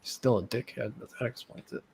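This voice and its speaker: A young man, the host, swaps stories casually with friends in a brisk, creaky, husky voice of medium pitch. He's animated and raises his voice to act out the people he quotes.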